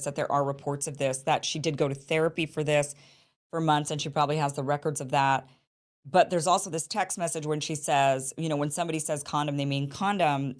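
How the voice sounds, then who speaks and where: A woman with a low voice talks in casual, unscripted commentary. She thinks out loud, repeating herself and restarting sentences as she works through each point. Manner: hesitant, restarts and repeats phrases while reasoning aloud.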